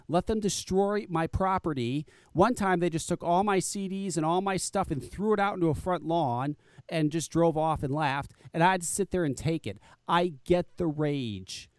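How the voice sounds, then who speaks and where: Man, casual storytelling, blunt and profane, acts out quoted people, stammered restarts, smooth resonant voice, dry close sound. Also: a little high, dry recording. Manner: frequent restarts and stammered repeats. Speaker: podcast guest telling his story.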